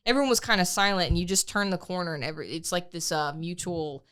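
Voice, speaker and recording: Young woman podcast host, casual and animated, bright smooth voice, lowish pitch. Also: fast. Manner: animated storytelling, acts out her own quotes, swears casually. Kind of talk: casual chat.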